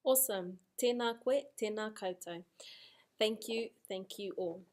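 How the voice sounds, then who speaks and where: A woman's voice: mid-range voice, measured pace, a little mellow. A woman teaching a language lesson, casual and encouraging, repeating drills aloud.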